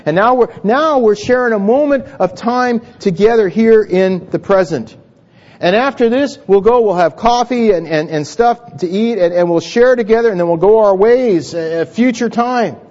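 A pastor with a high voice delivers a sermon to a congregation in a church hall, speaking conversationally but tripping over repeated words and restarting sentences. He talks at normal speed with a darkish tone, and the recording is dull and lo-fi.

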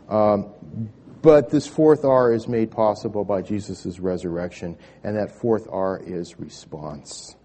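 A man with a mellow, warm voice preaching a sermon as pastor. He talks through his points in a storytelling way, then rises to emphatic, swelling peaks, often repeating words as he goes. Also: fairly low pitch.

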